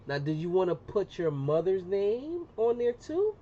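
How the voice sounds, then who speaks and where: A middle-aged man chatting casually on a live stream as he demonstrates an engraving job, slangy and talkative, often saying "boom". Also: sing-song, measured pace, warm tone. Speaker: livestreamer doing laser engraving. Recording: muffled lo-fi sound with faint room noise.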